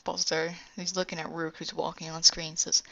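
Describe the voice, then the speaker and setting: A woman talks through her animation pitch scene by scene in a low, gravelly voice with some fry. She rambles and drops in asides. The recording is dull and lo-fi. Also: level tone, a little fast, bright, forceful tone. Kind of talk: casual scene-by-scene narration.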